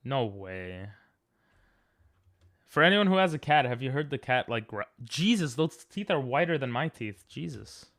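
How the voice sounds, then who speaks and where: A young man streaming live, reacting to videos and teasing his chat in a goofy way, often sliding into a low mutter. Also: very animated, measured pace, a bit bright.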